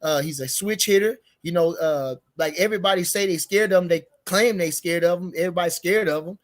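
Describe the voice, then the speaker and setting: Man, high voice, speech, rambling boxing chat, repeats himself, heated. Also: a little fast. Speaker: boxing commentary show host. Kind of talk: casual unscripted boxing talk.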